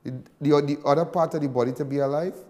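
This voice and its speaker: A man's voice: a little high, fairly even intonation, fast talker, a little mellow, in a large hall. A Trinidadian man hosting a talk show, delivering emphatic, indignant commentary with a lot of repetition. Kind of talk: impassioned TV commentary.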